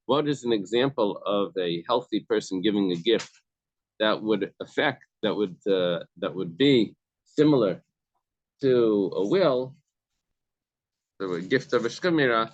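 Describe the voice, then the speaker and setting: A man's voice: fairly low pitch, expressive, measured pace, highs cut off. A man leading a Talmud study session, reading passages and then explaining them plainly with many restarts. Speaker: Talmud class leader. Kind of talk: explaining a text to a study group.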